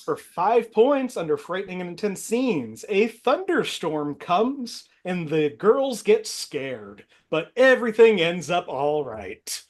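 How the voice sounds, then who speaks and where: A man with a fairly high voice hosts a movie quiz. He reads each clue out in a steady way and laughs along with his players. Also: takes it slowly, few pauses. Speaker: game show host. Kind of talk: hosting a movie quiz game.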